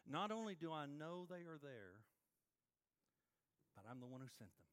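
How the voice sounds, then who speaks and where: A man voicing God as a calm, unshaken male deity answering a prophet. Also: fairly high pitch, moderate pace, smooth, pitched below the performer's own voice. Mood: matter-of-fact.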